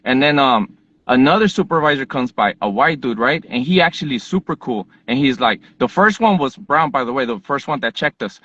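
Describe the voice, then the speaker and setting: A man's voice: medium pitch, brisk, dry recording. A man hosts his podcast and tells a personal story in a loose, heated, profanity-laced way. His voice sits in a middle register. The recording is dry and slightly dull, like basic home podcast gear. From Southern California, USA. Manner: animated, profane, fired-up retelling. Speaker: podcast host. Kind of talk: casual storytelling.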